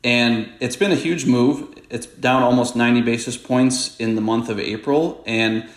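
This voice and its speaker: A man who is a market strategist, giving measured, analytical commentary as a podcast guest. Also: medium pitch. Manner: measured, explanatory, steady. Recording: roomy echo.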